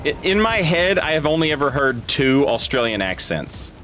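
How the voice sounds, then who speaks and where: A man's voice: a little high, big pitch swings, normal speed, noisy background. A man streaming a video game, rambling casually, joking and swearing freely. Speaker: gaming streamer. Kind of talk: casual gaming commentary.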